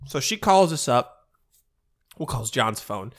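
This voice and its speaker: A man in his thirties tells a rambling, animated story among friends. His pitch is mid-range, and he throws in filler words. He pushes his voice way up when he acts out other people. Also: slow pace.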